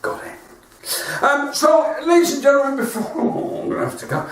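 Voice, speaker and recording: A man's voice: very high-pitched, sing-song, normal speed, a bit bright, roomy sound, distant mic. A man with a West Country accent doing chatty stand-up comedy from his front room, laughing at his own jokes. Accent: West Country English. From West Country of England. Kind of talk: live-streamed stand-up comedy chat.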